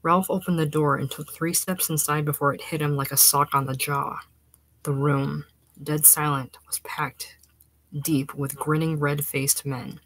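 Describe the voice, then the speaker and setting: Low-voiced woman reading a story. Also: measured pace, breathy edge, no room sound. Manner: steady, even-paced storytelling, dropping to a hushed near-whisper in tense passages. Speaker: reader. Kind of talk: audiobook narration of a short story.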